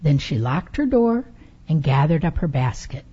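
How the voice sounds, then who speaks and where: A woman telling a story aloud in a sermon, with a slow, dramatic, expressive delivery. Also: low-pitched, husky. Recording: dull lo-fi recording.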